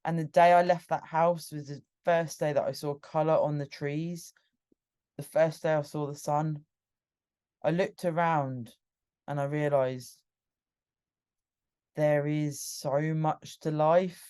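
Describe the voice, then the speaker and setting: A British woman talks through her own story on a solo podcast, candid and emotional, sometimes restarting her sentences. Her voice is warm and mellow rather than bright. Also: sits low, steady tone, slow, pauses often, clean tone. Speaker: podcast host. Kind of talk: personal storytelling monologue.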